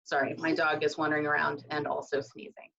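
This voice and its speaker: A woman's voice: low voice, little pitch movement, a little fast, creaky, bright, forceful tone, muffled recording. A woman teaching a casual recorded writing lesson from home, speaking loosely with many fillers and asides. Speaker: writing instructor.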